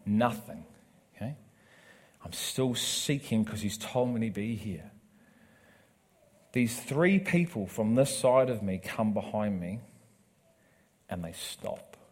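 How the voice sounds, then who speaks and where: Kiwi guy preaching, tells his story then gets loud and punchy, does voices for people. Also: lowish voice, slow, pauses often, husky. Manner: animated storytelling with acted quotes, rising to loud emphatic preaching. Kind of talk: sermon storytelling.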